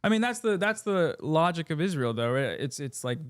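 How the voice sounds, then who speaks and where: A male guest chatting on a live stream with a slightly higher voice and a dry, close sound. He is wry and conversational, and tosses in short remarks. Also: fairly quick, few pauses, no room sound. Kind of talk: casual chat on a live stream.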